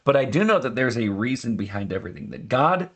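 A pastor talks through a scripture passage in a relaxed, conversational podcast voice. He is a man at a middle pitch, and his voice jumps up when he leans into a key phrase. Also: quick pace, breathy edge. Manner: earnest, conversational preaching with emphatic rises. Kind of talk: podcast sermon devotional.

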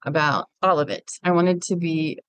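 Woman interview guest from Hawaii, lively storyteller, lowish voice, dry sound. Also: normal speed, no echo, lo-fi sound. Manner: lively, animated storyteller who acts out her past thoughts. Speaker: guest, freediving instructor.

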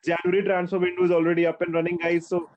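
High-voiced male host on dull lo-fi audio. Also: monotone, racing, crowd noise. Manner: steers the talk and puts questions to guests. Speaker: podcast host. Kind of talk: moderating a casual football discussion.

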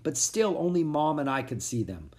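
An expressive narrator reading a children's chapter book aloud. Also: medium pitch, moderate pace. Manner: expressive, animated storytelling. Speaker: audiobook narrator.

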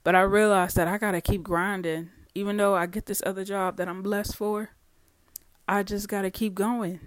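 A podcast host talking alone in a casual monologue, blunt and full of swearing, with heated swings between loud and quiet. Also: medium pitch, level tone, moderate pace, no room sound. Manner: blunt, profane and emphatic, with heated swings in volume.

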